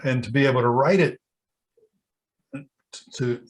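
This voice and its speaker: A male host and author from West Virginia, speaking in casual chat in a measured way, pausing to find his words. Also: mid-range voice, low-quality recording.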